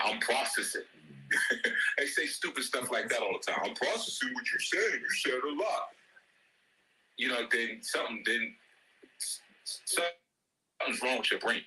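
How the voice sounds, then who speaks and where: A man's voice: sharp tone, rough recording. A middle-aged man giving a casual motivational talk, slangy and joking, laughing often and repeating "you know what I'm saying.". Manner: slangy, joking, mocks with high-pitched quoted voices. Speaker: ministry speaker. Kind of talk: casual motivational talk in an audio chat room.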